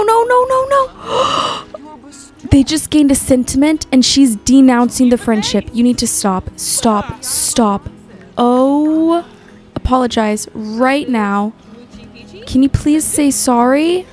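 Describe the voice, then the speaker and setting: Bubbly higher-voiced woman gushing over gameplay. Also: darkish tone. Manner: chatty and gushing, often exclaiming. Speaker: gaming YouTuber. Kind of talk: casual gameplay commentary.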